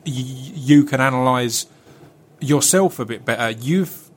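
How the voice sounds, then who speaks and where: A man's voice: mid-range voice, unhurried, a little hiss or hum. A man hosting a podcast in casual chat, with a stutter that catches on word starts. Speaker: podcast host.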